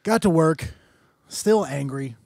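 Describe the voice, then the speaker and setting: A man's voice: fairly high pitch, expressive, takes it slowly, gravelly, a little mellow, dry recording, studio quality. A young man co-hosting a podcast, chatting casually, joking and swearing as he rambles. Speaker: podcast co-host. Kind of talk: casual chat.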